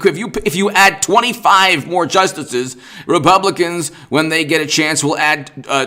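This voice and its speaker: A man's voice: on the high side, sharp tone. A man hosting a political livestream, ranting with sarcasm and exasperation and greeting viewers in the chat by name. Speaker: political commentary host.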